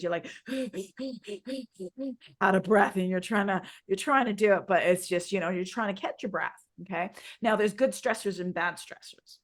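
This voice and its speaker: A woman's voice: lowish voice, fairly bright tone. A woman yoga teacher co-hosting a podcast, explaining breathing in a guiding way and asking her listeners questions. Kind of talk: instructive podcast chat.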